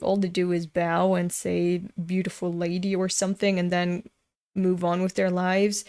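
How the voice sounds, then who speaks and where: A woman's voice: mid-range voice, creaky. A woman in her twenties reading a comic aloud and ranting frankly about it, swearing freely. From Europe. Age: 20s. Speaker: webcomic reader and commentator.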